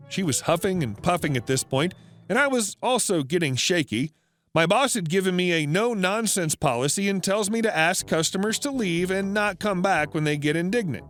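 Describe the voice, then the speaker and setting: A man narrating an internet story in a plain, even storytelling delivery. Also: high voice, normal speed, faint music behind.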